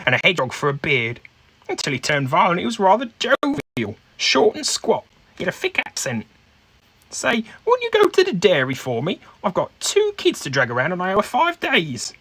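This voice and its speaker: A man's voice: high-pitched, wildly swooping pitch, moderate pace, fairly bright tone, husky, dry recording, pitched above the performer's own voice, exaggerated voice. Man putting on a bawdy Cockney lass. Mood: brash. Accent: Cockney, put on. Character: brash young Cockney woman, coarse and bawdy.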